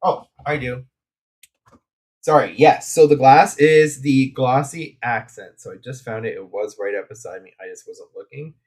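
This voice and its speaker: Casting male craft streamer, mid-pitched, rambling and chatty, casual live talk. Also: normal speed, darkish tone. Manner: rambling and chatty, with many fillers and asides.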